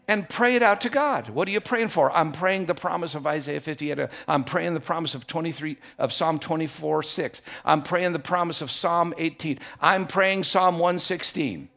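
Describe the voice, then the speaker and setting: A man's voice: fairly high pitch, moderate pace, creaky, few pauses, fairly bright tone. A man preaching a sermon as a pastor, emphatic and building to impassioned passages, often repeating words as he builds a point. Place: church.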